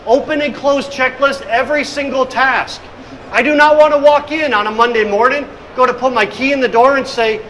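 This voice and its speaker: A man's voice: very high-pitched, normal speed, bright, forceful tone, slight background noise, poor audio. A middle-aged man giving a conference presentation on hospitality leadership, telling stories with energy and acting out scenes. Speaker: hospitality consultant and speaker. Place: conference room.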